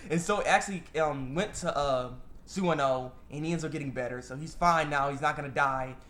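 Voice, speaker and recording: A man casually recapping an anime episode, rambling and excitable, full of fillers and restarts. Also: fairly high pitch, a little fast. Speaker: anime reviewer.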